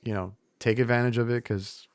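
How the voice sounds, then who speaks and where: A man's voice: mid-range voice, fairly even intonation, a little fast, smooth, dry recording. An American man co-hosting a casual podcast, a working HVAC technician who talks in a loose, rambling way with frequent restarts. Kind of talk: casual chat.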